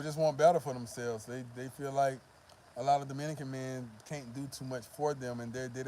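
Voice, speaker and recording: A man rants in a loose, streetwise vlog monologue, blunt and full of profanity. His voice sits in a mid register with a warm, mellow tone. Faint traffic hums in the background. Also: mid-range voice. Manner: blunt and profane, repeats "you know what I mean". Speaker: vlogger giving dating advice. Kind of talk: casual monologue.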